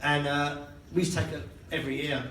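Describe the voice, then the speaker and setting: A man's voice: a little high, little pitch movement, fast talker, fairly bright tone. An older man giving a father-of-the-bride speech, telling self-mocking jokes and laughing between lines. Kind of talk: wedding speech. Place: wedding reception hall, indoors. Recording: echoey hall, distant and noisy.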